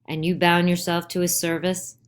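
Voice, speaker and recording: A woman's voice: on the low side, little pitch movement, moderate pace, lightly acted. A woman voicing a stern older male judge who questions urgently and insistently in a dramatized play reading. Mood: pressing.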